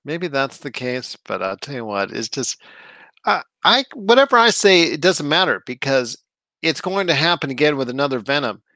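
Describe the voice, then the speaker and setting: A man's voice: mid-range voice, big pitch swings, normal speed, pushed and bright, dry recording. A man co-hosting a casual movie review chat, enthusiastic and fond of stock phrases. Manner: enthusiastic, repeats catchphrases like "I'll tell you what". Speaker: movie podcast host.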